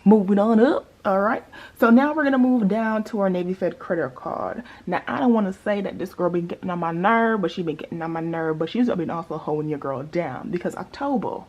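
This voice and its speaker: Sassy, husky woman vlogger. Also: lowish voice, animated, brisk, highs cut off. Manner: sassy, playful, joking asides. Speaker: budgeting vlogger. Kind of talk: casual chat to viewers.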